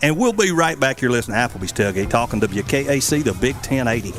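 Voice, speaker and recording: A man's voice: medium pitch, animated, fast, soft background music. A man with a Southern accent hosting a radio sports talk show, folksy and laughing. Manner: folksy, laughing, warm sign-offs.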